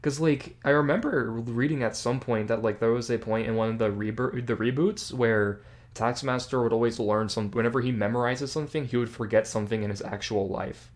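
A man's voice: mid-range voice, fairly quick. A young man co-hosting a podcast in casual chat, talking with enthusiasm and swearing often. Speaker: podcast co-host.

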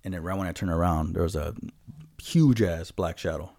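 A man's voice: sits low, a little fast, vocal fry, mellow, no room sound, studio quality. A man co-hosting a podcast, telling stories in a loose, profane, laid-back way. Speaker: podcast co-host. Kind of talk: casual storytelling.

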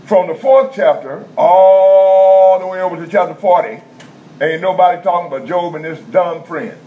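A man preaching a teaching sermon to a congregation in a somewhat high voice. He talks conversationally in vernacular speech, checks in often with his listeners and repeats key points slowly. The recording is dull and lo-fi, with a faint hum of noise behind him.

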